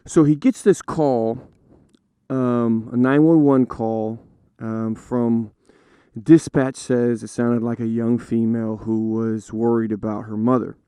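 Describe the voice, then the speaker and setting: A man's voice: medium pitch, flat delivery, slow, dark tone, smooth, dry recording, studio quality. A man casually telling a story to camera, chatty with frequent fillers and laughs. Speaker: storyteller host. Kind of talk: casual anecdote told to camera.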